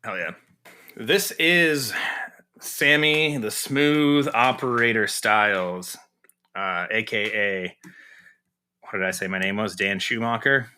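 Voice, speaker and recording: A man narrating his character in first person during a tabletop role-play game, slow and deliberate. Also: on the low side, sharp tone, clean tone. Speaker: player.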